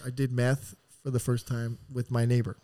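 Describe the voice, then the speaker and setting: A man's voice: mid-range voice, little pitch movement, moderate pace, mellow, dry recording. A man telling stories as a podcast guest in a casual, rambling way, with heavy swearing and streetwise slang. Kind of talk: casual storytelling.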